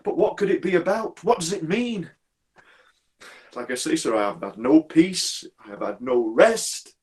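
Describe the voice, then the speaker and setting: A man voicing a troubled railway signalman who speaks haltingly and deferentially, calling his listener "sir" again and again. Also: fairly high pitch, big pitch swings, darkish tone, pitched above the performer's own voice. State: distressed and troubled. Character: haunted, anxious middle-aged male railway signalman. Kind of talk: performed storytelling.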